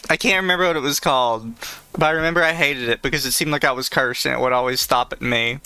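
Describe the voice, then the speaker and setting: A joking man co-hosting a podcast over a call, his voice bright and smooth, in a dry recording. Faint music plays behind him. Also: mid-range voice, fast talker, no room sound. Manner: joking, laughs often. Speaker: podcast co-host. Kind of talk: casual chat.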